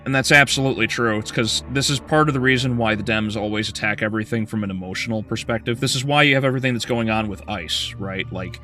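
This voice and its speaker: Bright-voiced man ranting on stream. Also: on the low side, fast, few pauses, faint music behind. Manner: heated, profane ranting with frequent restarts. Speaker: game streamer. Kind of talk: casual livestream chat.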